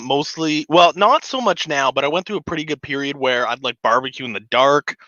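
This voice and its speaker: A man with a fairly high, sharp-toned voice hosts a laid-back live stream in his hobby room, chatting in an easygoing way with frequent laughter. He talks into a desk mic with no room sound, and the recording comes out slightly dull and lo-fi.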